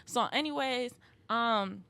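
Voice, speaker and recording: A woman sits in on a casual podcast chat. Her voice sits a little high and rings bright and forceful. She tells her story in an animated way, brushing past details with quick "da, da, da" fillers. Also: no room sound. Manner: animated, fills quotes with "da, da, da". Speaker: podcast guest.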